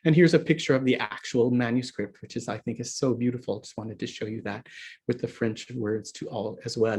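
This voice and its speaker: A man's voice: mid-range voice, fairly even intonation, a little fast, darkish tone, slightly rough. A man teaching a harp lesson over a video call, chatty and laughing often as he explains. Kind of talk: online workshop lesson.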